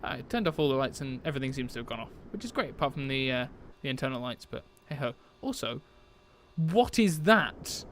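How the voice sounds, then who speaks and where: A man's voice: medium pitch, quick pace, hardly any pauses, fairly bright tone, a little hiss or hum. A man from Britain chatting on a live stream as he shuts down a sim aircraft, laughing often and answering his chat.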